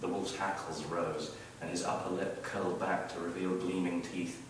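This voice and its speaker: A man reading his own story aloud at a live event, wry and expressive, building up the action. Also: sits low, moderate pace, slight background noise. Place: event hall, heard from the audience area. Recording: very echoey hall, mic far off.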